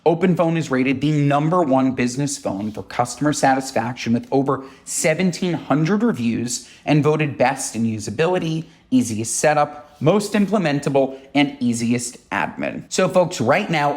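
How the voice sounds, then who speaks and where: A man co-hosting a podcast, reading a sponsor spot in a brisk, upbeat way. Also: a little high, animated, darkish tone. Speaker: podcast co-host. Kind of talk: ad read.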